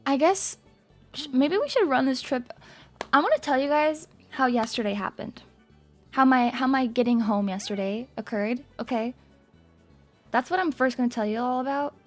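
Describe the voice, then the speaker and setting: A young woman livestreamer chatting casually with viewers, playful and excitable, swearing and breaking into loud screams and laughs. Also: sits high, normal speed, faint music behind. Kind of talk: casual chat to stream viewers.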